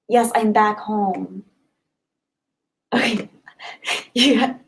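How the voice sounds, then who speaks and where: A woman hosting a casual livestream, chatty and upbeat, thanking viewers by name and often trailing off softly. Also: a little high, low-quality recording. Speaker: livestream host. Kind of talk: casual live chat reading comments.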